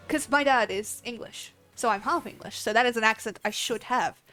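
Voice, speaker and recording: A woman's voice: on the high side, expressive, moderate pace, a bit bright, soft background music. A young Australian woman chatting casually while livestreaming a game, rambling, laughing and swearing freely. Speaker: game streamer. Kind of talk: casual live-stream chat while gaming.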